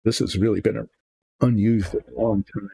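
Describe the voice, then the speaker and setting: A man's voice: fairly low pitch, fairly even intonation, moderate pace, gravelly, mellow, husky, no echo. An older man painting a model kit and thinking aloud as he works, musing and rambling with small restarts. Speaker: miniature painter. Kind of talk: relaxed narration while painting.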